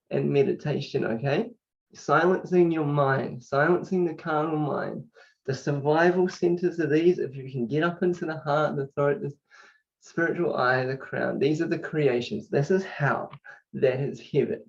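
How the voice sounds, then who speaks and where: A man's voice: a little high, normal speed, vocal fry. A man telling his personal spiritual story to camera, fervent and rambling, with restarts and bursts of laughter. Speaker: channel host sharing his story. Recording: distant mic, dull lo-fi sound.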